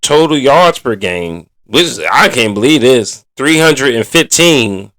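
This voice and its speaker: A man's voice: mid-range voice, lively intonation, measured pace, a bit bright, dry recording. A man hosting a sports podcast in a casual, blunt and exasperated manner, full of colloquial slang. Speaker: podcast host.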